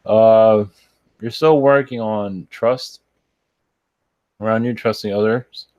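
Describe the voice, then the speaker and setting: A tired, yawning spiritual channeler with a low, darkish voice answers viewer questions in a live chat. He rambles and halts, restarting often and leaning on fillers, though his tone stays steady. There's no echo, and the high frequencies are cut off.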